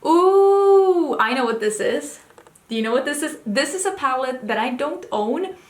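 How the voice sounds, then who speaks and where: A young adult woman talks to camera in a fairly high voice, chatty and excitable, asking herself question after question as she thinks aloud. Her voice rings in a roomy, echoey space. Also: normal speed, noisy background. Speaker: beauty vlogger. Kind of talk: casual chat, thinking aloud. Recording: roomy echo.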